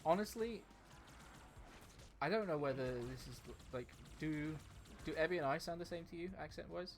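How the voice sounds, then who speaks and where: A man's voice: a little high, normal speed, soft background music. A man from outside the United States, chatting casually as a podcast co-host and asking curious questions. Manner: curious, asks many questions. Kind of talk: casual chat while gaming.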